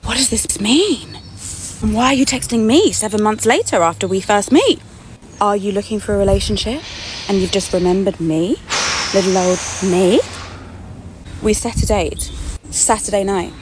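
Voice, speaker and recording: A woman's voice: mid-range voice, normal speed, background noise. A woman telling a dating story in a dramatic, sarcastic storytime monologue. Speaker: storyteller in a clip being reacted to.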